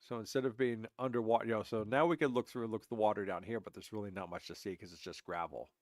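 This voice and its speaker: A man's voice: fairly low pitch, steady tone, quick pace, no echo, clean studio sound. A man streaming a game, congested and stuffy-voiced from allergies, giving a rambling, self-correcting walkthrough of his builds. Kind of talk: casual gameplay commentary.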